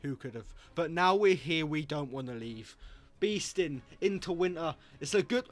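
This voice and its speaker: A young man commentates a football video game in a jokey, excitable way. His voice sits high and leaps higher when something surprises him. Faint music plays underneath. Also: normal speed. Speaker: gaming YouTuber.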